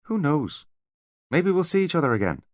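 A man's voice: a little high, big pitch swings, normal speed, voice pushed up. A man voicing a curt, no-nonsense female fairy officer in a raised voice. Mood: firm. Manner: curt, firm.

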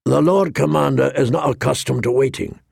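A man's voice: medium pitch, a little fast, creaky, a little mellow, husky, no room sound, clean studio sound. A man reading an audiobook, voicing a harsh, scornful knight who sneers coldly. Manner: cold, sneering. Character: harsh, scornful male knight and drill master.

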